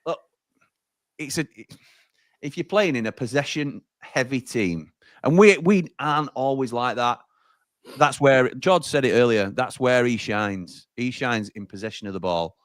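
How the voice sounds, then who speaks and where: A chatty man with a Sheffield accent hosts a live fan watch-along, reading out viewer comments and laughing often. His voice sits at an ordinary middle pitch. It is recorded dry and close to the mic. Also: measured pace, no room sound.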